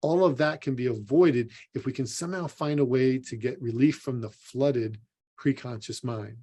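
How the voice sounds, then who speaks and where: Recorded for an online symposium, this male sports psychologist delivers a sincere motivational conference talk, addressing the listener directly as "you." He has a warm, mid-range voice with a breathy edge and speaks at a moderate pace.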